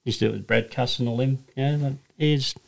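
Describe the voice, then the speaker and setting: A man's voice: medium pitch, steady tone, quick pace, gravelly. A man with an Australian accent, a racing driver telling rambling stories in a casual podcast chat, full of fillers and restarts. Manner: rambling anecdotal storyteller, many fillers and restarts.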